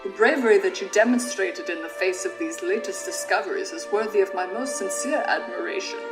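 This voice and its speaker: A woman's voice: medium pitch, close to an everyday voice, low-quality recording. A woman voicing a dying male doctor who reads his farewell letter formally, in a loose put-on German-tinged accent. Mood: grave. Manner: formal, measured letter reading. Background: game music.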